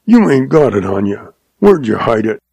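A man voicing a greedy, suspicious banker who snarls and rasps. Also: mid-range voice, sing-song, normal speed, a little mellow, no echo, full character voice. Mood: snarling. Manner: snarling, rasping.

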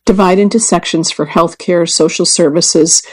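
A woman reading a first-person magazine story and article aloud in an even, measured way. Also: on the low side, slightly rough, rough recording. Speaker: reader. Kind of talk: scripted narration of a magazine story.

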